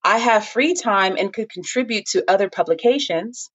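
Audiobook heroine: woman reading a young reporter, polite and nervous, lively pitch, dull lo-fi sound. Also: moderate pace, breathy edge. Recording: dull lo-fi recording.

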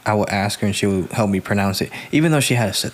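A man's voice: lowish voice, racing, a little hiss or hum. A man from Puerto Rico co-hosting a podcast, laid-back and joking, often answering in short quips. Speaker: podcast co-host. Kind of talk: casual podcast chat.

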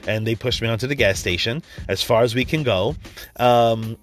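Over soft background music, a New York-area motivational speaker tells a personal story in a casual, blunt and profane talk, acting out quotes along the way. He speaks in a mid-range voice at a moderate pace.

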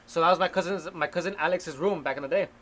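Rapid-fire storyteller. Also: male voice, a little high, fairly bright tone. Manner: slangy, swears, switches into Spanish mid-sentence. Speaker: storyteller among friends. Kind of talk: casual chat, telling a ghost story.

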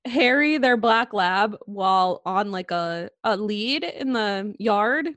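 A woman narrating a haunted-house tale for her co-host, relaxed and unpolished, with fillers and a little swearing. Her voice sits at a middle pitch. The sound is dry and close to the mic. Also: slow, no echo. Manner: laid-back storytelling with fillers and swearing, laughs easily. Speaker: podcast co-host telling a true-crime story. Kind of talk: casual storytelling chat.

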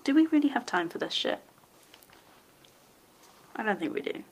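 A woman, casually commenting on a TV episode as she watches, sarcastic and quick to swear and laugh. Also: on the high side, very animated, breathy edge. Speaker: TV episode reactor.

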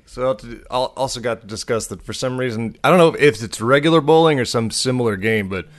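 A man's voice: medium pitch, fast talker. A young man co-hosting a podcast in casual chat, joking and swearing, laughing often. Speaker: podcast co-host.

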